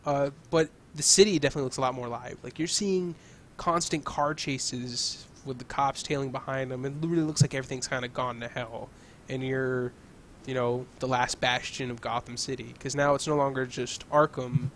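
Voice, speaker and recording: A young man co-hosting a video game chat, talking loosely and profanely, laughing easily and getting excited. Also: mid-range voice, fairly quick, a little hiss or hum. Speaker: gaming channel co-host. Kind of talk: casual chat.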